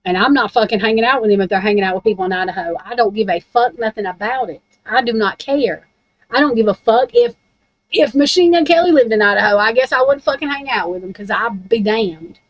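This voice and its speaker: A woman's voice: a little high, expressive, fairly quick, no room sound, lo-fi sound. A woman in a casual, rambling rant about true crime, blunt and heavy on profanity.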